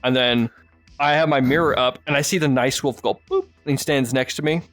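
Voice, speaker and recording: A man's voice: medium pitch, a little fast, fairly bright tone, no room sound, faint music behind. A young man hosting a podcast in casual chat, telling rambling stories, swearing freely and laughing often. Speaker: podcast host.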